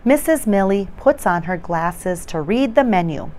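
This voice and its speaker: A woman reading a children's bedtime story aloud in a gentle, unhurried way. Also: mid-range voice, animated.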